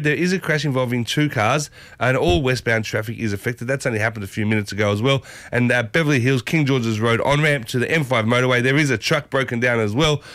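A man in his thirties with an Australian accent and a husky voice from a sore throat, hosting a morning radio show from a studio in an energetic, playful, chatty way. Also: medium pitch, dry recording. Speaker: radio host. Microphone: studio microphone.

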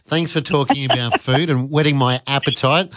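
A man, hosting a radio show and chatting with callers in a jokey, animated way. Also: medium pitch, normal speed, dry recording, studio quality. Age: 50s. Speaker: radio host. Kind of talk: casual radio chat with callers. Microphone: studio microphone.

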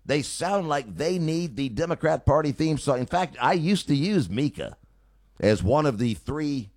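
A man's voice: fairly high pitch, sing-song, measured pace, a little mellow, dry recording. A man hosting a radio talk show, delivering a sarcastic, opinionated monologue from a studio on a studio mic.

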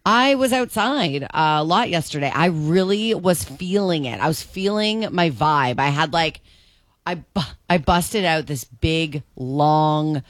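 A woman's voice: low-pitched, expressive, a little slow, no echo. A woman co-hosting a morning radio show, chatting in an upbeat, bubbly way in a studio. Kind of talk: casual morning radio banter. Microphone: studio microphone.

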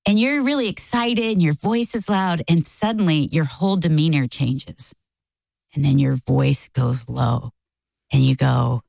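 A woman's voice: low-pitched, normal speed, creaky, dry recording. A middle-aged woman co-hosting a casual talk, telling a story and acting out the quoted lines. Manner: animated, acts out quoted lines. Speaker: co-host.

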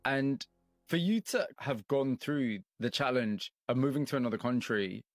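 A man presenting a radio program, narrating a story in a measured way and interviewing a guest. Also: medium pitch, expressive, no echo, clean studio sound, soft background music. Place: radio studio. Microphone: studio mic.

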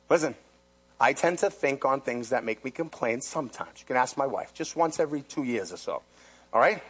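A man preaching a sermon who repeats rhetorical questions and swings between hushed and loud. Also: medium pitch, breathy edge.

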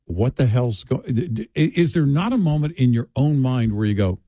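A man from Texas co-hosting talk radio, his pitch moving a lot as he jokes. The sound is dry and close in the studio. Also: moderate pace, no room sound. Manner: lively, expressive, joking. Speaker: radio talk show co-host. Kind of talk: casual talk radio chat.

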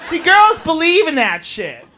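A woman's voice: extremely high pitch, sing-song, measured pace. A woman doing a stand-up comedy routine on a club stage, brash and profane, acting out characters. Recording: live show with crowd noise.

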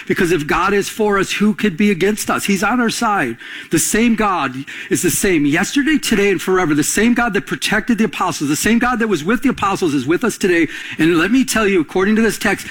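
A middle-aged man preaching a radio-broadcast sermon, asking the congregation to fill in words and telling quick stories. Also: high voice, fairly bright tone. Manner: call-and-response preaching, quick anecdotal storytelling. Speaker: pastor.

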